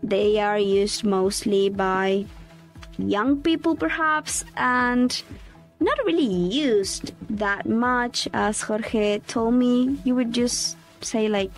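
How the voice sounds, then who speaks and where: Slow-spoken young woman. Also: on the high side, soft background music. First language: Spanish. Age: young adult. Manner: slow, careful, laughs often. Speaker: student co-host. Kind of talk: casual podcast chat teaching English phrases.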